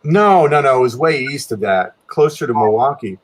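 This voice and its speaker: A man of ordinary pitch spins a long anecdote in a relaxed chat. He circles back and restarts often, and his voice climbs sharply whenever he acts out his own reactions. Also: moderate pace. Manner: rambling, many restarts, pitch jumps up when quoting himself. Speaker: guest artist telling a story. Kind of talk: casual storytelling chat.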